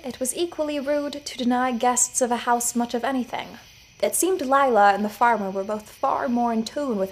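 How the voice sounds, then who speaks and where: A woman's voice: mid-range voice, a little hiss or hum, poor audio. Woman narrating audio fiction. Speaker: writer and narrator.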